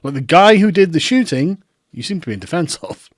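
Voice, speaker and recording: A man's voice: fairly high pitch, big pitch swings, brisk, no echo. A man giving sarcastic commentary in a mocking, incredulous way, close to the mic. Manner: mocking, incredulous, breaks into laughter. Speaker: online commentator.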